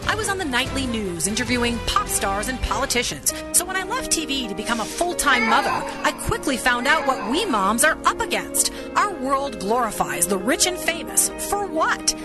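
High lively lady doing a scripted promo, music under it. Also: normal speed. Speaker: show host. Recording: voice over clear background music.

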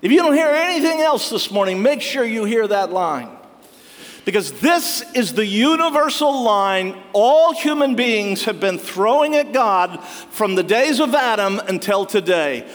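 High-voiced preacher in a reverberant hall. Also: male voice, expressive, a little slow. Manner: storytelling, laughs often, wry humor. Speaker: pastor. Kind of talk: sermon.

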